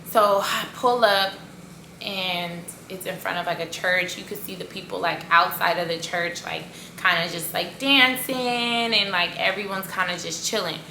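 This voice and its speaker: An animated woman talking casually in a storytime vlog. Her voice sits low but sounds bright and a little gravelly. She fills her retelling with "like" and playful sound effects, and the recording has an echoey room sound. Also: moderate pace, slight background noise. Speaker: cake business owner.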